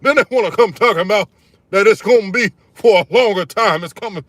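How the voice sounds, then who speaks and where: A man's voice: high voice, brisk, fairly bright tone, no room sound. A man hosting his own live stream, talking casually and emphatically to his viewers, calling them y'all and repeating his points. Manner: fired-up, emphatic, repeats key phrases, addresses viewers as y'all. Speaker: channel host streaming live.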